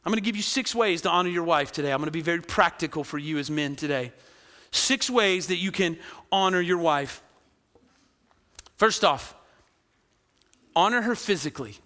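A man preaching a lively sermon, often asking the crowd "right?" and acting out quoted voices. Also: high voice, big-room sound. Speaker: pastor.

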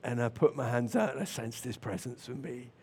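A man preaching a sermon, telling personal stories, moving between loud animated moments and quiet reflection. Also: mid-range voice, a little fast, gravelly, slightly rough. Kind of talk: sermon with storytelling. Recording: long reverb of a large hall.

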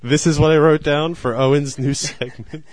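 A man's voice: a little high, fairly even intonation, moderate pace, a little mellow, no echo. A man hosting a casual podcast, teasing his co-host in a dry way and laughing often.

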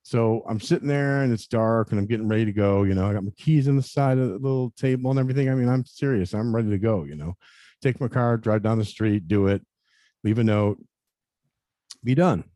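A man in his fifties telling a personal story in an interview, earnest and halting, often repeating words and saying "you know". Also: fairly low pitch, dark tone, dry recording, studio quality. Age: 50s. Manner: earnest, confessional. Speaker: interview guest.

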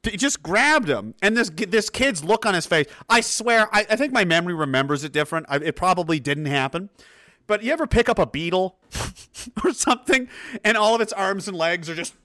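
A man in his thirties from New Brunswick talks casually to his stream chat in a bright, forceful voice. He rambles through a profane story, restarting his sentences again and again, and his pitch swings widely. The sound is close and dry, with no room echo. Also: lively intonation, a little fast.

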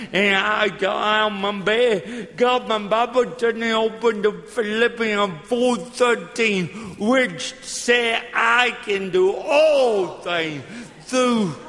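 A middle-aged man with slurred, effortful speech, preaching a slow, emphatic sermon with call-and-response. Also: sits high, fairly bright tone. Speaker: evangelist. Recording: long hall reverb.

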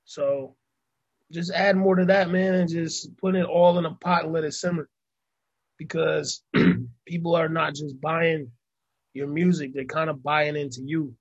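A young man with a husky, slightly high voice chats as an interview guest. He is laid-back and slangy, and he leans on fillers between thoughts. His talk stays loose and unhurried. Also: steady tone, muffled recording. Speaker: musician and actor guest.

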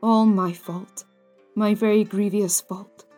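A woman voicing a kindly older priest who speaks slowly and earnestly, full of remorse. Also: mid-range voice, fairly even intonation, warm tone, soft background music, lightly acted. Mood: remorseful.

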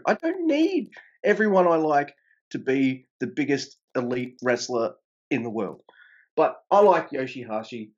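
Animated swearing man, dull lo-fi sound. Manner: animated, swearing, pitch jumps up when emphatic. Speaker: podcast co-host reviewing wrestling. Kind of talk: casual profane chat.

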